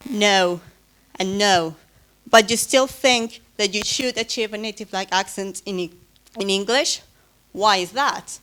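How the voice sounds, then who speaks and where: A woman's voice: a little high, a bit bright. A woman, an English speaker, giving a conference closing talk in a hesitant way, with many fillers, self-corrections and light humor. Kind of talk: academic conference presentation.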